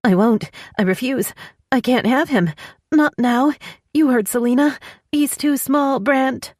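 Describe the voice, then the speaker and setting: A woman voicing a frightened young woman in labor, with high, pleading, tearful cries. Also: a little slow, darkish tone, no room sound, studio quality. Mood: tearful, refusing.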